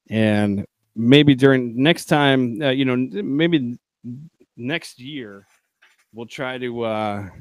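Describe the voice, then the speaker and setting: Man, podcast co-host, casual chat, jokey, mid pitch, dry close mic. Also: dry recording. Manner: laughing, joking, exclaims a lot.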